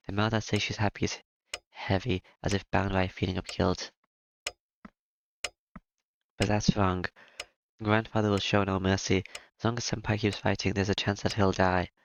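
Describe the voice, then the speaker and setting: A man reading a visual novel aloud in a plain, steady voice, stumbling and restarting now and then. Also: deep voice, a little hiss or hum. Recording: music playing behind.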